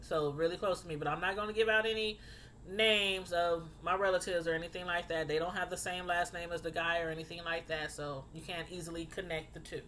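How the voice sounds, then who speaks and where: Bright-voiced woman telling a true crime story. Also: brisk, a little hiss or hum. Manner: animated, outraged, rising high when indignant. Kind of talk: casual storytelling commentary.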